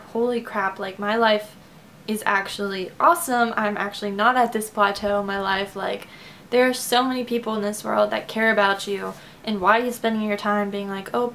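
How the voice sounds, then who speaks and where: A woman's voice: mid-range voice, vocal fry, fairly bright tone, slight background noise. Teary, chatty young woman vlogging. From Kentucky. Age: young adult. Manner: emotional, teary, fast with many fillers. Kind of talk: casual heartfelt talk to camera.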